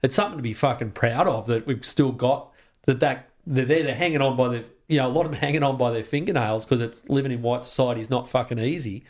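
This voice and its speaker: A man's voice: mid-range voice, quick pace, a little mellow. An Australian man talking as a podcast guest in casual conversation, passionate and sweary, often restarting his sentences.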